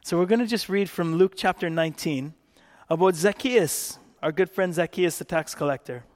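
A man's voice: high voice, moderate pace, big-room sound. A man preaching a sermon as a pastor, animatedly retelling stories and acting out the voices in them. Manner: animated storytelling, acting out quotes.

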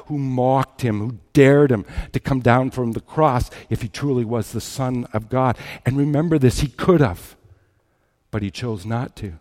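A man's voice: mid-range voice, darkish tone. A man preaching a sermon at a church service, reading scripture and then pressing his point with repeated rhetorical questions. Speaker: pastor. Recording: long hall reverb.

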